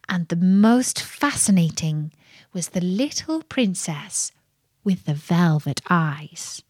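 A woman narrating a fairy tale with expressive storytelling. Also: mid-range voice, dry recording, clean studio sound.

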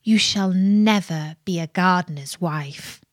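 A woman reading the lines of a young gardener boy who passes as a prince, speaking gently and earnestly. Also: lowish voice, takes it slowly, no echo, studio quality. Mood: gentle.

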